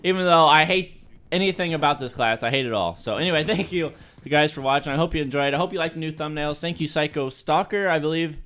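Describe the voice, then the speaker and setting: A young man giving live gameplay commentary, excitable and self-deprecating, swinging from muttering to yelling. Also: fairly high pitch, fast talker. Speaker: gaming video creator.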